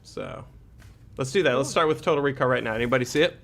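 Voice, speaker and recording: A man's voice: medium pitch, fast talker, fairly bright tone, a little hiss or hum. A man hosting a comedic radio-style show, bantering in a mock-serious, self-deprecating way. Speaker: host. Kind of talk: joking podcast-style radio chat.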